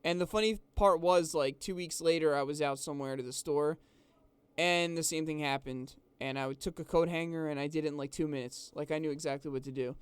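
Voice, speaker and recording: A man's voice: fairly high pitch, steady tone, a little fast, clear, resonant tone, dry recording. A young man telling a rambling story, exasperated and restarting his sentences often. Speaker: vlogger. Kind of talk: casual storytelling.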